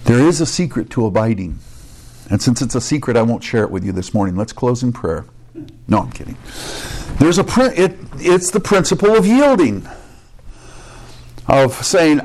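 A man's voice: mid-range voice, sing-song, normal speed, pauses often, a little mellow. A male pastor preaching a sermon in a conversational way, with joking asides, restarts and rhetorical questions.

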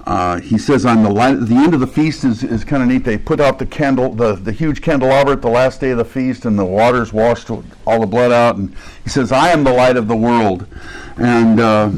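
A man's voice: medium pitch, normal speed, darkish tone, low-quality recording. A man preaching a sermon, talking casually and acting out the voices of people in the scripture he reads. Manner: conversational preaching, acts out quoted voices. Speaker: pastor.

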